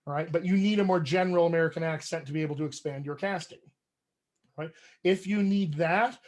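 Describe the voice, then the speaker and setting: A man coaching actors in an upbeat, motivational live-stream talk, pitching his workshops. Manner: upbeat, motivational, addresses viewers as friends. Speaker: dialect coach. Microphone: webcam or computer mic on a live video stream.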